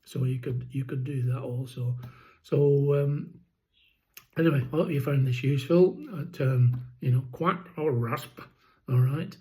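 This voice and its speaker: With a rattle in his throat, a poultry keeper rambles through a casual vlog, frequently restarting and saying um. His unhurried voice is mid-range and mellow, on a rough recording.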